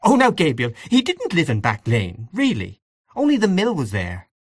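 A man's voice: on the high side, wildly swooping pitch, normal speed, husky, dry recording, studio quality, pitched above the performer's own voice, full character voice. A man voicing a kindly, fussy elderly aunt in a storybook reading. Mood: chiding.

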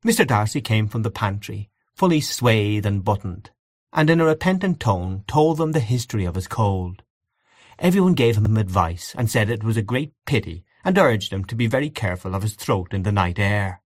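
A man narrating a story aloud in a measured, expressive audiobook reading. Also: fairly low pitch, dry recording, studio quality.

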